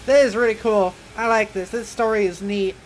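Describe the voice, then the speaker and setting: A woman's voice: medium pitch, steady tone, moderate pace, a little hiss or hum. A young woman streamer giving casual, jumpy commentary on a horror game and talking to her chat. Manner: chatty and jumpy, talks to chat.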